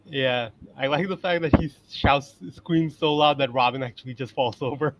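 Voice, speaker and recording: A man co-hosts a casual comic book chat from an internet call, mostly adding short agreements. A clear hiss of noise sits under his voice. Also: medium pitch, fairly even intonation, normal speed. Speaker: co-host. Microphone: home mic over a live internet call.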